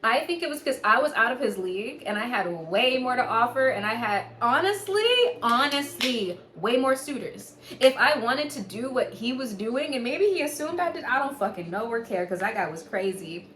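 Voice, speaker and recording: A woman's voice: a little high, lively intonation, a little fast, few pauses, fairly bright tone, reverberant. A woman giving a casual, candid astrology reading, swearing freely and laughing often. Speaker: tarot reader.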